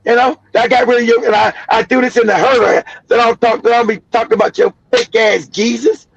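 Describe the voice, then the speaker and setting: A man in his fifties from Los Angeles telling a loud, profane story on a livestream, laughing often. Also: very high voice, lively intonation, a little fast, vocal fry, breathy edge, lo-fi sound. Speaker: livestream host.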